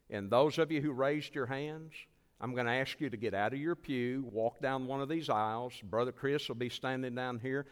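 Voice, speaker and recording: A man preaching as a visiting evangelist, giving an earnest altar call and repeating his pleas. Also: medium pitch. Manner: earnest, pleading, repeats phrases. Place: church sanctuary. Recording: long church hall reverb.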